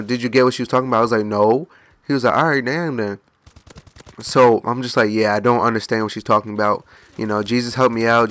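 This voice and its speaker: A man's voice: mid-range voice, fairly bright tone, no echo. A young man casually telling a rambling story, slipping into quoted voices along the way. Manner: rambling, laid-back anecdote with mock voices. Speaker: gaming channel host.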